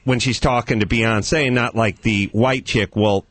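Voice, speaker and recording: A man's voice: on the low side, fairly even intonation, a little slow, fairly bright tone, no room sound. A man hosting a comedic radio talk show, riffing and slipping into exaggerated impressions.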